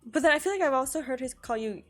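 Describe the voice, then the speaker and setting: A woman's voice: sits high, animated, rapid-fire, a bit bright, soft background music. A young woman from California chatting casually on a live stream, rambling, laughing often and filling her talk with "like".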